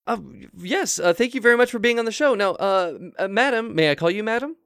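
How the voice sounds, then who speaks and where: A man's voice: high voice, lively intonation, fast, fairly bright tone, clean tone, no echo, clean studio sound. A man hosting an improvised comedy podcast, flustered and stammering in a mock-earnest way. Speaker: host.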